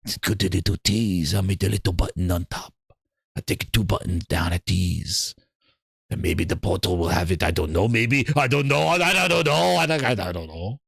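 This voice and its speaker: A coy male game executive who will not give a straight answer , as a man mocks him, speaking low and hushed with a put-on French accent. He hedges in halting, teasing mumbles, and the dry, close sound has no room around it. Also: vocal fry, breathy edge, no echo, heavily acted. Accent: mock French.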